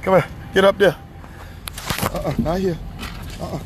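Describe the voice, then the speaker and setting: A man's voice: high-pitched, fairly even intonation, normal speed, background noise. Tearful, agitated man. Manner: distressed, repetitive, profane, rising to shouting. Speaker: upset citizen filming himself. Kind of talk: emotional phone video rant. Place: outdoors on a street by a car.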